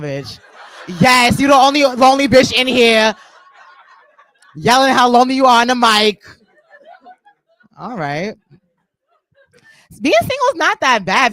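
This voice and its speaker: Crude, lively stand-up comedian woman. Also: fairly high pitch, dry recording. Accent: New York. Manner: crude, loose and teasing with the crowd. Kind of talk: stand-up set. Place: comedy club stage.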